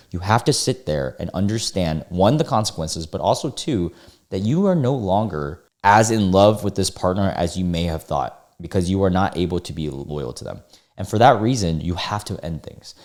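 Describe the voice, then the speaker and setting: A man hosting a casual reaction video, reading forum posts aloud and reacting with cursing, exclamations and disbelief. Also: deep voice. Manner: animated, swears freely, exclaims in disbelief. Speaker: YouTube reaction host.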